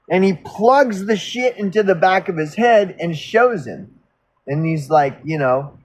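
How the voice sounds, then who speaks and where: A man's voice: high voice, animated, unhurried, poor audio. A man talking in an unscripted monologue, swearing freely, repeating himself for emphasis and often restarting his sentences. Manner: profane, emphatic, repetitive ranting; frequent restarts and stammered repeats. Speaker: recovery vlogger.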